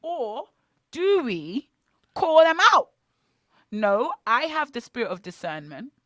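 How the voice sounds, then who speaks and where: A woman co-hosting a morning radio talk show, chatting about church and faith with animated, questioning emphasis. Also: on the high side, slow pace, no echo. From Bahamas. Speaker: radio co-host. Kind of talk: casual chat about faith. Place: radio studio.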